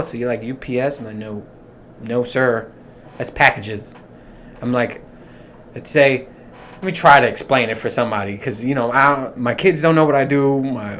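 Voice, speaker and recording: A man in his thirties tells stories on his own podcast in a loose, swearing, animated way. His voice sits at an ordinary middle pitch. A faint hiss of background noise runs under the recording. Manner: profane, animated, laughs through his stories. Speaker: podcast host. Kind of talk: casual storytelling monologue.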